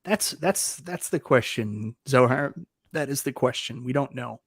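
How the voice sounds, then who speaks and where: An excitable man hosting a podcast, talking in casual chat with big exaggeration. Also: mid-range voice, a little slow, husky, dry recording, clean studio sound. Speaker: podcast host.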